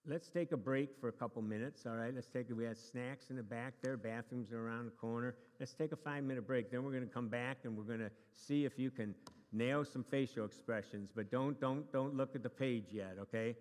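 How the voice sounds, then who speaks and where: A man's voice: mid-range voice, a little fast, a little mellow. A man teaching a church class to a live group, chatty and joking, with many restarts. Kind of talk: casual lesson to a live group. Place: church meeting room. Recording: long reverb of a hall.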